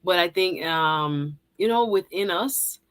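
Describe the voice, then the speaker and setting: A woman host with a bright, crisp edge to her voice. She reflects on her guest's words in an encouraging, thoughtful way, pausing on fillers as she thinks. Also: fairly low pitch. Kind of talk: casual interview.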